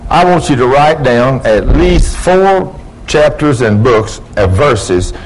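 A man's voice: medium pitch, slight background noise, rough recording. A male preacher, giving a sermon to his congregation and acting out the dialogue in his stories with rising emphasis. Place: church before a congregation.

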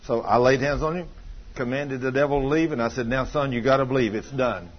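A man's voice: mid-range voice, a little fast, dull audio. A middle-aged man preaching a fiery sermon, folksy and emphatic, acting out the voices in his stories. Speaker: pastor.

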